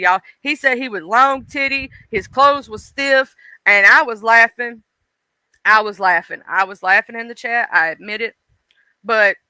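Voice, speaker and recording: A man hosting a livestream, chatting and gossiping in a dishy, animated way. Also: extremely high pitch, clear, resonant tone, dry recording, poor audio. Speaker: livestream host. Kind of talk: casual livestream gossip chat.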